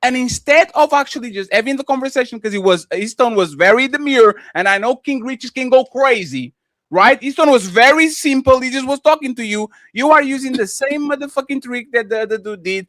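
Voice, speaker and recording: A man's voice: very high-pitched, lively intonation, fairly quick, fairly bright tone, no room sound, clean studio sound. A man hosting a heated panel debate, lecturing emphatically and swearing. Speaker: panel host.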